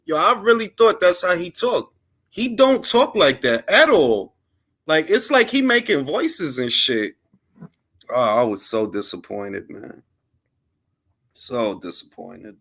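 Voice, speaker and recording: A man's voice: mid-range voice, big pitch swings, unhurried, a bit bright. A man hosting a casual boxing podcast, telling stories in slangy English with Spanish phrases thrown in. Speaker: podcast host. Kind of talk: casual panel chat.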